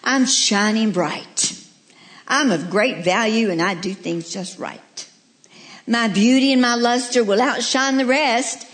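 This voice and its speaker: A woman's voice: fairly high pitch, slow pace, a bit bright, voice pushed up. A woman voicing a proud gold vessel in a sermon poem, reading its boasts aloud in her own voice. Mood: boastful.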